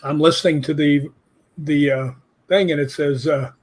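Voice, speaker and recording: Husky older man telling ghost stories. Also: on the high side, fairly even intonation, moderate pace. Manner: rambling anecdotes with asides, quotes his own questions. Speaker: guest ghost hunter. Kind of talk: casual interview storytelling.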